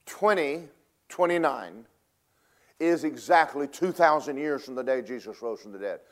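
A man preaching a sermon in a folksy, emphatic way, swinging between loud and soft and fast and slow for effect. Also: medium pitch, expressive. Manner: folksy, emphatic, varies loudness and pace for effect.

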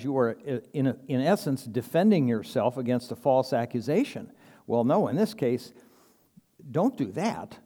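A pastor preaches a sermon in a medium-pitched, slightly mellow voice, and the sound carries the echo of a big room. His tone is conversational and earnest as he acts out little quoted exchanges, chuckling now and then.

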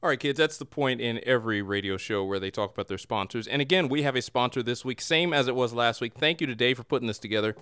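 A man's voice: medium pitch, fast, hardly any pauses, a bit bright, a little hiss or hum. A man hosting a casual comedy podcast from a home room, with a playful mock radio-announcer delivery. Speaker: podcast host. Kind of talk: casual comedic chat show. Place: home room near a window.

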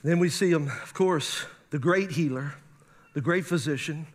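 High-voiced man preaching a sermon. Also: moderate pace. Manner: animated preaching, asks the audience questions. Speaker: pastor.

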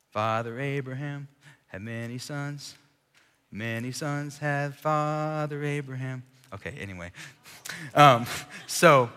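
A man's voice: a little high, sharp tone. A man giving a casual sermon to a live audience in a large room, talking conversationally and joking with the crowd. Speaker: preacher. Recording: long reverb of a large hall.

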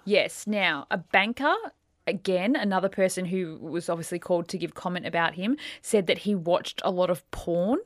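A woman's voice: on the low side, moderate pace, no room sound, studio quality. A woman co-hosting a podcast, telling a true crime story in a chatty, casual way.

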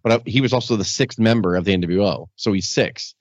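Fast, animated low-voiced man. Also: no echo, dull audio. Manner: animated, swears freely. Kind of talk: casual chat.

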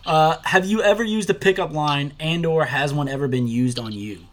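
A man's voice: on the high side, normal speed, a little hiss or hum. A man hosting a casual podcast chat, telling stories and acting out quotes. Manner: lively storyteller, acts out quotes. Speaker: podcast host.

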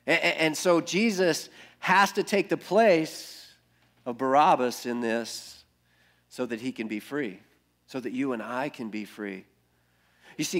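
A male pastor preaching an earnest sermon that builds through repeated phrases and often drops to a hush. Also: medium pitch, gravelly.

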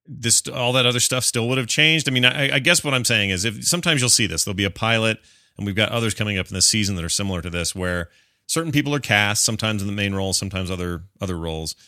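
Bright-voiced man hosting a podcast. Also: fairly low pitch, no room sound, studio quality. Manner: rambling, self-interrupting, reads answers aloud. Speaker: podcast co-host. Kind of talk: casual chat.

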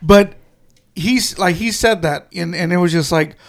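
Podcast cohost guy, gravelly fry in his voice, a bit higher, blunt and laughs a lot. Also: a little slow. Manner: laughing, blunt, swears freely. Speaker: podcast co-host. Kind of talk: casual chat.

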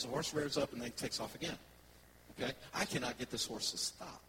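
A man, a worship pastor, preaching a sermon and telling personal stories in a conversational, animated way to his congregation. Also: mid-range voice, fairly quick, noisy background.

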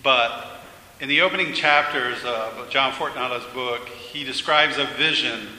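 A man's voice: medium pitch, a little slow, bright, forceful tone. A man preaching a sermon in a church, earnest and candid, sometimes restarting his sentences. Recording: echoey church hall with faint noise.

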